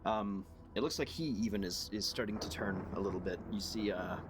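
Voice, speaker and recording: A man's voice: fairly low pitch, noisy background, lightly acted. A man voicing a panicked, stammering young male sailor who keeps tripping over his words in a tabletop game. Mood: shaken. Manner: stammering, flustered, full of halting fillers.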